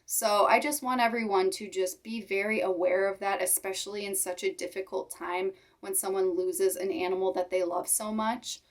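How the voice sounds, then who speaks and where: A young woman talking to her viewers in a personal vlog, speaking sincerely and haltingly while holding back tears. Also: mid-range voice, fairly even intonation. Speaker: reptile keeper vlogger. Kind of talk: emotional personal vlog talk.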